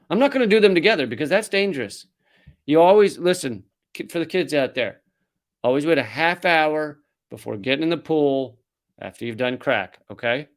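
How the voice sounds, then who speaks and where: A man's voice: on the high side, expressive, normal speed. A man hosting comedic political commentary, sardonic and rambling with restarts. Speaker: comedian host.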